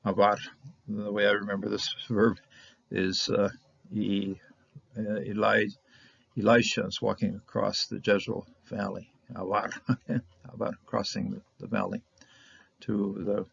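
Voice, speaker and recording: A low-voiced man with a gravelly edge teaches Hebrew grammar in a loose, rambling way, repeating words and chuckling often. The recording sounds dull and lo-fi. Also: flat delivery, measured pace, a bit bright, no echo. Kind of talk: casual Bible language lesson.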